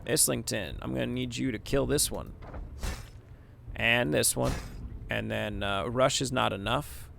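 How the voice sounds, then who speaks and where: A man's voice: medium pitch, unhurried, gravelly, long pauses, fairly bright tone, a little hiss or hum. A man giving casual let's-play commentary, reading the game text aloud and chatting about his choices. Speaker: gaming streamer.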